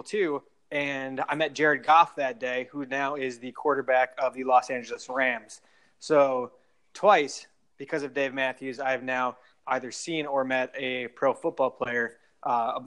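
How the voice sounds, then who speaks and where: A man's voice: mid-range voice, fairly even intonation, measured pace, fairly bright tone. A young adult man telling long, rambling stories in a casual podcast chat, full of fillers and restarts. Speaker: guest storyteller.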